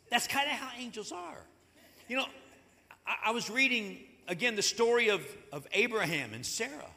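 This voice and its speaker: A man preaching a sermon in a church, conversational and animated, acting out the stories as he goes. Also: extremely high pitch, normal speed. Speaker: pastor. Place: church sanctuary. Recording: echoey hall.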